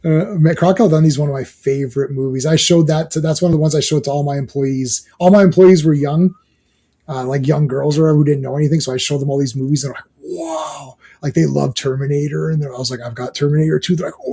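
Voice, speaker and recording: A man's voice: fairly high pitch, mellow, husky. A man hosting a casual comic book chat, rambling with frequent laughs and hummed theme tunes. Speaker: podcast host.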